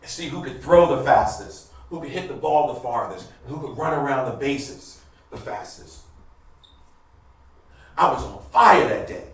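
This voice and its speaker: A medium-pitched American man in his fifties, lively in intonation and speaking at a normal speed, shares a personal story before a live audience in a large venue. He's conversational and emphatic and speaks to the crowd directly, and the echoey hall makes him sound far off.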